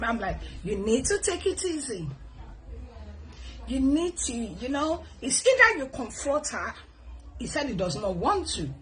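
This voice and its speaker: A middle-aged woman with a Nigerian accent, hosting a casual advice talk. She reads viewer comments in an animated, preachy way, blessing her viewers. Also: sits high, measured pace, poor audio. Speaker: host.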